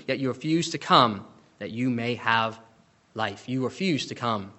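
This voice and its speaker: Bright-voiced emphatic preacher. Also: male voice, medium pitch, lively intonation, a little slow. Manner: emphatic preaching, reading scripture aloud with rising intensity. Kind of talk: sermon.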